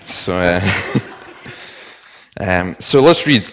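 Male preacher, deep low voice, halting delivery, slightly dull recording. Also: fairly bright tone. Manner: hesitant, many fillers and repeated words. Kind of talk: church sermon with scripture reading.

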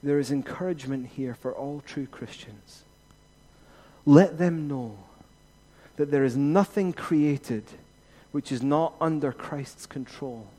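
A man preaching a sermon as pastor, rising to emphatic peaks and then dropping to quiet reassurance. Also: on the high side, slow.

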